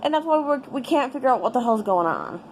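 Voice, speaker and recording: A woman's voice: high voice, animated, quick pace, darkish tone, slight background noise, rough recording. A young woman giving a casual personal update, rambling and frustrated, swearing freely as she vents. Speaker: vlogger.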